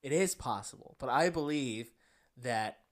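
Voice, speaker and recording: A man with a New Jersey accent, co-hosting a podcast in casual chat, reading a story with a deadpan delivery and bursts of laughter. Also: medium pitch, unhurried. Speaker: podcast co-host.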